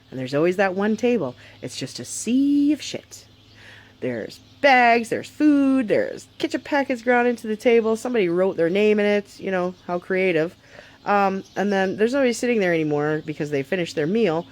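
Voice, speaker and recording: A woman's voice: on the low side, a little mellow. A woman vlogger giving a blunt, sarcastic, profane advice rant to the camera. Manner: blunt, sarcastic, swears a lot.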